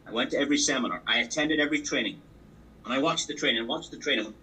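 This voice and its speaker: A man's voice: medium pitch, very fast, bright, forceful tone, recorded from a distance, a little hiss or hum, low-quality recording. A man giving a motivational training talk on a call, emphatic and repetitive, driving his points home with sports analogies. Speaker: business opportunity trainer. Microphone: call audio.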